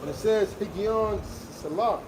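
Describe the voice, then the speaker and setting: A high-voiced man reads scripture out slowly and carefully on a street. The recording is roomy, with clear traffic and street noise behind him. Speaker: scripture reader at a street preaching. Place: outdoors on a street. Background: traffic and street ambience.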